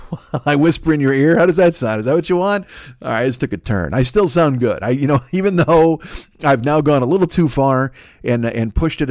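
A man's voice: mid-range voice, darkish tone, no echo, clean studio sound. A man hosting a comedy podcast, delivering a boastful, crude, mock-seductive monologue about his own voice. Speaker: podcast host.

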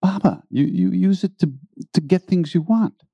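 Man putting on a flustered visitor, high and stammering, muffled sound. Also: moderate pace, creaky, warm tone, breathy edge, dry recording, heavily acted. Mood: pleading. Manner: stammering, pleading. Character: flustered male visitor pleading with a guru.

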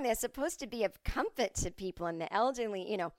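A woman in her forties hosting a casual solo podcast from home, chatty and swearing freely with quick asides. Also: mid-range voice, a little mellow, no room sound, studio quality. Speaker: podcast host.

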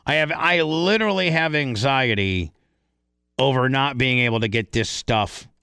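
A man's voice: mid-range voice, moderate pace, bright, forceful tone, smooth, no room sound. Crude, profane man on a dry mic. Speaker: podcast host. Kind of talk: casual chat.

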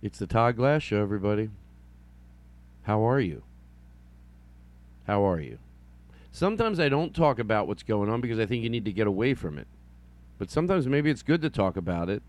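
A middle-aged male podcast host with a lively, bouncing voice that swings up and down. He rambles, makes fun of himself and drops into silly voices. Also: on the low side, quick pace. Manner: meandering, self-mocking, playful silly voices. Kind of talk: rambling improvised solo podcast.

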